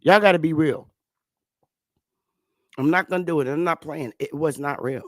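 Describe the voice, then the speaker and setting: A woman vlogger sitting at home, ranting loudly and profanely to her viewers and laughing often. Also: low voice, normal speed, no room sound, studio quality. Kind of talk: profane comic rant to viewers.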